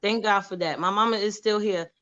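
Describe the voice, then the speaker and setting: A woman's voice: mid-range voice, brisk, dull audio. A woman from New York, an actress and producer, telling stories in a casual interview and acting out the voices of the people she quotes. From New York, USA. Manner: animated, acts out quoted voices.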